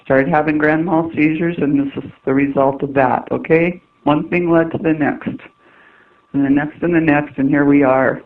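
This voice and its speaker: A woman's voice: low-pitched, steady tone, moderate pace. A middle-aged woman, a mother appearing as a guest, speaking emphatically and pleadingly in a phone-in interview. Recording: tinny phone line, distant.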